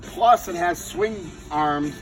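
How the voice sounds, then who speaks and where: A man casually telling a rambling story to friends, animated and swearing freely. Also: sits high, takes it slowly, faint music behind, low-quality recording.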